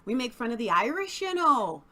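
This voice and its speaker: Sassy, bright-voiced woman co-host. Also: a little high, normal speed. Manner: sassy, animated, teasing. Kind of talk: opinionated casual chat.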